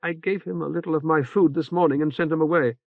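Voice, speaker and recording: A man voicing a young woman who speaks softly and quietly. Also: fairly high pitch, steady tone, quick pace, gravelly, no room sound, pitched above the performer's own voice. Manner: soft, quiet. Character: young woman, soft and cold. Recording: tinny phone-like band.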